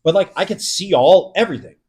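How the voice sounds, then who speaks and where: A man's voice: high-pitched, quick pace. Young man telling a scary story. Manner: swears a lot, animated when retelling fright. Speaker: podcast co-host. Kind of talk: casual storytelling.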